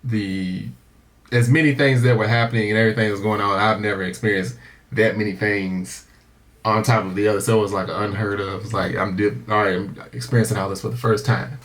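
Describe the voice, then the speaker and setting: A middle-aged man co-hosting a podcast, telling stories in a rambling, halting way with many fillers. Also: on the low side, fairly even intonation, fairly bright tone. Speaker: podcast co-host. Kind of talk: casual chat.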